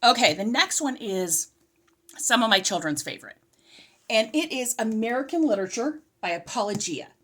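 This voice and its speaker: Middle-aged mom reviewing homeschool books, kinda breathless, pitch bounces all over, voice on the high side. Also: female voice, normal speed. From California. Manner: chatty, animated, self-interrupting. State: slightly out of breath. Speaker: homeschooling vlogger. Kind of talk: casual curriculum review.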